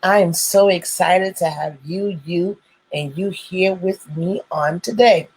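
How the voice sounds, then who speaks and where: A woman's voice: on the low side, slow, a little mellow, breathy edge, poor audio. A woman hosting her own live stream, greeting viewers over and over in churchy, welcoming phrases. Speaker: host of a live stream show.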